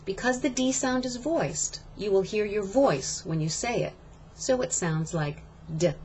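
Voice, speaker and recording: A woman coaching pronunciation in a scripted lesson, slow and encouraging, modeling sounds for the learner. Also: fairly low pitch, darkish tone, slight background noise. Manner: slow, deliberate, encouraging teacher. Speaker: accent reduction coach.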